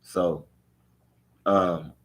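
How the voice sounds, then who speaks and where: A man tells his life story to camera. His voice sits a little low but sounds bright and forceful. He hammers points home by repeating them and swears freely. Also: steady tone, drawn-out words. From Los Angeles. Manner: emphatic, repeats key phrases, profane street talk. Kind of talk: unscripted personal storytelling.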